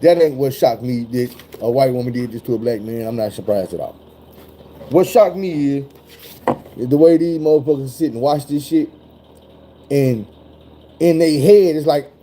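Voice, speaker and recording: Husky-voiced man ranting with heavy profanity. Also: a little high, unhurried, pauses often. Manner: animated, profane, acts out voices in his retelling. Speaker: commentator. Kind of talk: casual profane commentary.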